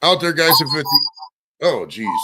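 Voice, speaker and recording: A man's voice: fairly high pitch, big pitch swings, a little slow, background noise. A man hosting a live-streamed interview show, talking casually and cursing while he fights with his audio setup. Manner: casual, profane, flustered by audio trouble. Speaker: podcast host. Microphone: streaming setup with computer mic.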